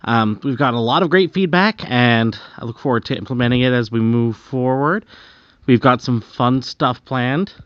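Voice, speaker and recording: A man's voice: medium pitch, normal speed, a bit bright, smooth, dry recording, muffled recording. A man hosting the show, thanking listeners in an upbeat, chatty way. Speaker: show host.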